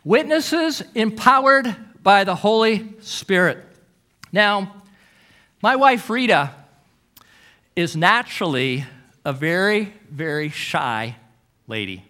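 A middle-aged man preaching, his voice high and bright as he leans into each story. He swings his pitch widely, pausing for effect and pressing hard on key words. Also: expressive. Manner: storytelling, emphatic with dramatic pauses. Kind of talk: sermon.

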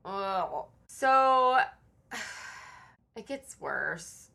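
A woman's voice: mid-range voice, very animated, very slow, creaky, bright, forceful tone. A woman casually telling a true crime story on a podcast, chatty, swearing often and saying "like" a lot.

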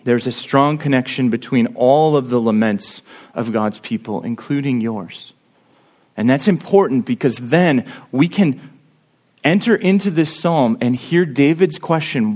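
A man's voice: mid-range voice, moderate pace, a little mellow. A man preaching a sermon, earnestly explaining a psalm and reading its verses aloud with rising emphasis.

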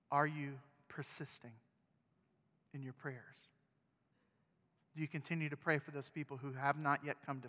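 A male pastor preaching a sermon in a conversational, animated storytelling manner. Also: medium pitch, in a large hall.

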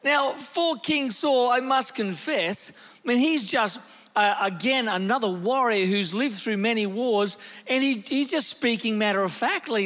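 A male pastor preaching a lively, animated sermon, with sudden shifts in pace and loudness as he tells a story. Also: very high-pitched, a little slow, long reverb tail.

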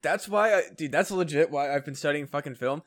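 A man co-hosting a podcast, a comedian talking in halting, rambling casual chat full of fillers and swearing. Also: fairly high pitch, no room sound, studio quality.

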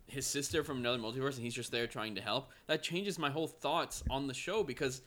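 A man co-hosting a podcast in casual chat, talking in an animated, excitable way. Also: medium pitch, quick pace. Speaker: podcast co-host.

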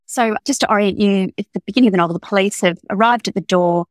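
A woman novelist explaining her writing process in an interview, thoughtful and a little halting. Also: medium pitch, no room sound. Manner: thoughtful, with frequent restarts and fillers. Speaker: novelist guest. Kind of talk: casual interview chat.

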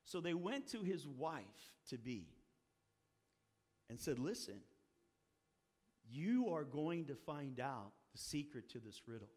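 A man with a high voice preaches in a storytelling way, acting out the quoted characters and dropping dry asides. His voice rings with the long reverb of a big hall. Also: very animated, slow pace, long pauses, a little mellow. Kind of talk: sermon.

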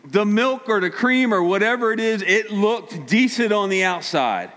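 A man's voice: high voice, lively intonation, moderate pace, fairly bright tone. A man preaching a casual sermon, telling stories with a sarcastic streak and acting out quotes. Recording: long hall reverb.

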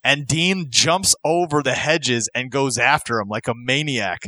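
Bright, dry-voiced man hosting a chat. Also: medium pitch, measured pace, no room sound. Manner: rambling, animated storyteller who acts out quotes. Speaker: podcast host. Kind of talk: casual wrestling podcast chat.

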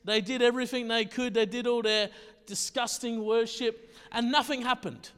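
A man's voice: very high voice, fairly even intonation, normal speed, a bit bright, clean tone. A male pastor preaching a sermon in a casual, conversational way, often checking in with his listeners. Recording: long reverb in a hall.

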